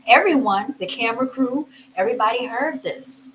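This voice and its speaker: A woman speaks at a moderate pace in a slightly high, somewhat bright voice; the recording is rough, with slight background noise. She hosts a casual commentary vlog on video clips, talking directly to viewers, calling them y'all, chatting and laughing often.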